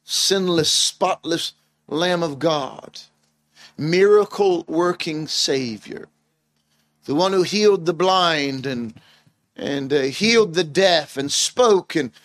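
Man, preacher, high voice, dry close sound, earnest emphatic sermon. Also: a bit bright, dry recording.

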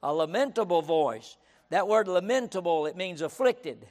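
A man's voice: high voice, expressive, normal speed, a little mellow. A male pastor preaching a sermon in an emphatic style, repeating his points and often breaking in with "listen". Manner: emphatic, repeats himself, keeps saying "listen". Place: auditorium. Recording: reverberant auditorium.

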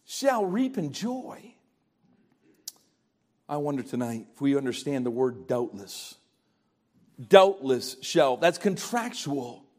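An older man delivers a sermon with a high-pitched voice. He pleads with his listeners, often stammering and repeating phrases as he presses his point. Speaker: pastor.

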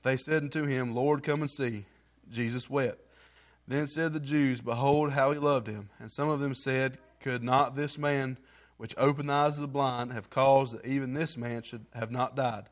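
A man's voice: medium pitch, steady tone, normal speed. A man reading scripture aloud and giving an earnest, heartfelt testimony in plain everyday grammar. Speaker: church member giving testimony.

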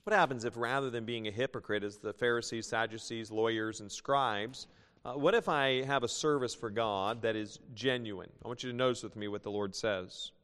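A man's voice: mid-range voice, normal speed, a bit bright, clear, resonant tone. Preacher man in a reverberant hall. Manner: folksy, reads scripture aloud and tells jokes. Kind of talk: sermon.

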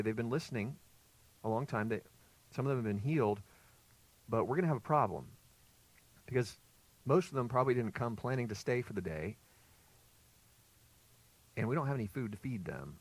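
A male pastor preaching an expository sermon, emphatic and putting rhetorical questions to his congregation. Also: on the low side.

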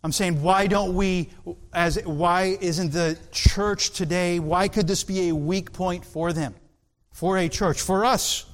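A man preaching a sermon in an earnest, emphatic way, drawing out key words slowly. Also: sits high. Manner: earnest, emphatic, with slow drawn-out stresses.

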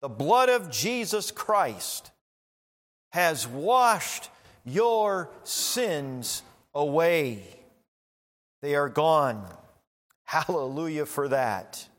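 A man preaching a sermon as a pastor, slow and deliberate, rising in emphasis on key points. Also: on the high side, very animated, a bit bright. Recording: long reverb of a large hall.

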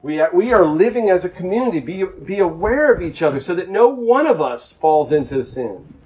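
Earnest pastor, fairly high voice. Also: male voice, big pitch swings, normal speed, darkish tone, slight background noise, poor audio. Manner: earnest, repeats phrases, builds to fervent climaxes. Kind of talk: sermon.

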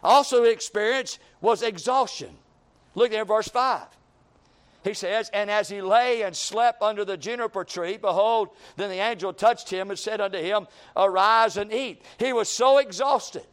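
A man's voice: high voice, moderate pace, fairly bright tone, clean tone. A man preaching a sermon in church, acting out the despairing talk of ordinary people.

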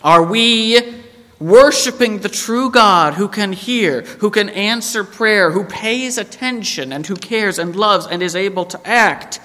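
A man preaching a sermon, animated and emphatic, quoting scripture and acting out the story. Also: high-pitched, long reverb tail. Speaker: pastor.

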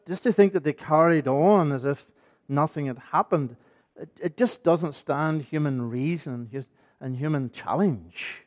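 Male pastor, earnest sermon delivery, higher-pitched voice, repeats phrases; muffled lo-fi church recording. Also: a little mellow. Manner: earnest preaching, building in force, repeats phrases.

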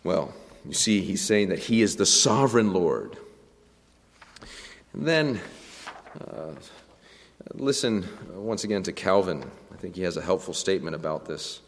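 A man preaching a sermon, earnest, slowing down and rising in pitch to stress key phrases. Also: expressive, long reverb tail. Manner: earnest preaching, slows and rises for emphasis. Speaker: pastor.

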